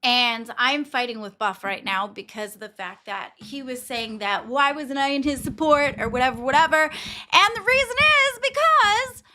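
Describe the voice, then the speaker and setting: A young woman hosting a casual livestream, blunt and quick to swear, laughing often. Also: high voice, big pitch swings, sharp tone. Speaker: stream host.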